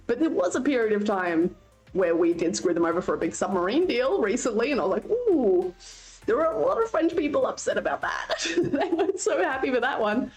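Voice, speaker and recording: A woman's voice: medium pitch, darkish tone. A young Australian woman streaming, chatting casually with her viewers, swearing freely and laughing often. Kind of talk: casual chat with live chat.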